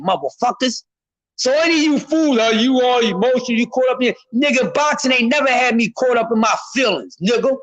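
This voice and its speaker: Loud high-voiced man ranting, profane. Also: rough recording. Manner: loud, profane, repetitive, often shouting; speaks to a chat member by name. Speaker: boxing commentary streamer. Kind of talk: heated live-stream rant.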